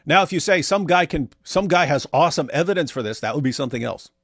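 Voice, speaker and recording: Sarcastic, gravelly-voiced man on a livestream. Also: a little high, animated, fast talker, no room sound, clean studio sound. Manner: sarcastic, mocking, joking asides. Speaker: livestream co-host reading super chats. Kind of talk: casual livestream chat.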